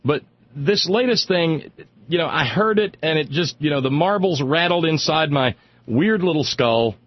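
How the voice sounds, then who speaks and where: A man's voice: on the high side, animated, moderate pace, no echo, lo-fi sound. A man hosting a radio talk show, delivering sardonic, rambling political commentary and stumbling over repeated words as he gets worked up.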